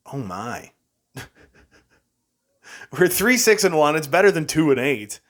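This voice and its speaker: A young man giving casual, frustrated commentary while playing a hockey game, talking to himself and laughing at his own bad luck. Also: medium pitch. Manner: frustrated, exasperated, self-mocking with frequent laughs. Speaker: gaming YouTuber.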